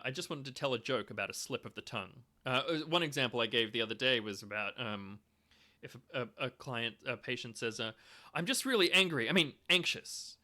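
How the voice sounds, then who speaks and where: A man's voice: mid-range voice, pushed and bright. A young man giving a casual, self-made explainer talk, hesitant and full of restarts. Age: young adult. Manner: hesitant, lots of ums and restarts. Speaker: video lecturer on theory.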